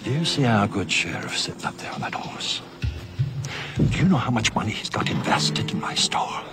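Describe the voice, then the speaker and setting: An actor with an Irish accent playing a theatrical, menacing older frontier villain who runs a store, heard in a film clip. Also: male voice, on the low side, very animated, moderate pace, loud music behind the voice. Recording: film clip with loud score behind.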